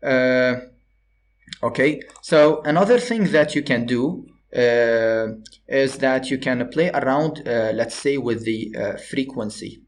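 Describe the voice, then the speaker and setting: A man teaching a screen-recorded software tutorial, explaining step by step with frequent filler sounds. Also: medium pitch, slow. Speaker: robotics instructor.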